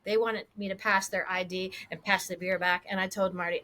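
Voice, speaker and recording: A woman co-hosting a casual chat podcast, telling stories in an animated, self-mocking way. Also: mid-range voice, brisk, slight background noise. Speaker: podcast co-host.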